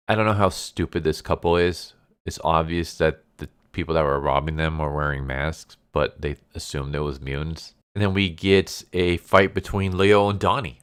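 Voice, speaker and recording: A man's voice: rumbling low, clear, resonant tone, no room sound, studio quality. A man casually recapping a comic book issue, walking through the plot and reading characters' lines in his own everyday voice. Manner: summarizes plot quickly, reads quoted lines in a flat everyday voice.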